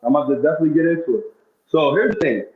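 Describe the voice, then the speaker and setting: A man's voice: on the high side, racing. A man who is a guest on a talk show, speaking in a frank, laid-back, repetitive way. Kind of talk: casual chat. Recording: echoey, muffled room sound.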